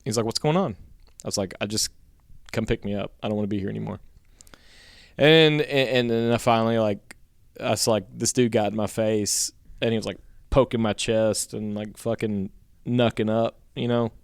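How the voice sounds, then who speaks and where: A podcast co-host tells a story in loose, profane chat, rambling and getting animated when he quotes people. His voice is smooth, resonant, and fairly low, at normal speed. It's recorded close and dry, with no room sound.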